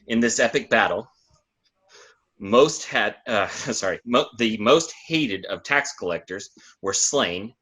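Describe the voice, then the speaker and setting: A man's voice: fairly low pitch, bright, forceful tone, breathy edge. A man co-hosting a casual podcast, telling odd history stories in a playful, giggly way. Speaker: podcast co-host.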